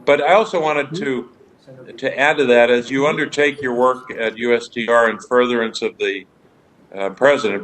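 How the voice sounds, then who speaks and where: A man, a senator joining remotely, making formal, deliberate remarks to a nominee at a hearing. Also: lowish voice, fairly bright tone, slight background noise, low-quality recording. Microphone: remote video link.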